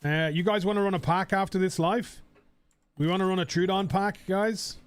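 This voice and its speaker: Chatty Irish streamer with a high voice. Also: male voice, moderate pace, smooth, no room sound. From Ireland. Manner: rambling, chatty, swears casually, frequent fillers. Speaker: game streamer. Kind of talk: casual live-stream chat while gaming.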